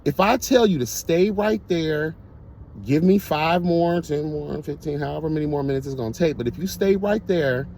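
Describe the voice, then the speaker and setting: A man's voice: on the high side, moderate pace, darkish tone, slight background noise. A man telling a casual storytime monologue to his viewers, blunt, profane and emphatic. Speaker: storyteller vlogger.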